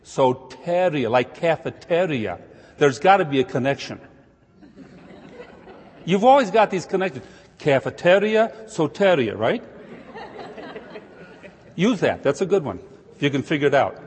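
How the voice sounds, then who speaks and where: A man's voice: a little high, very animated, normal speed, long pauses, slightly rough, big-room sound, a faint crowd. A man giving informal Bible teaching with a conversational manner, jokey asides and emphatic stresses.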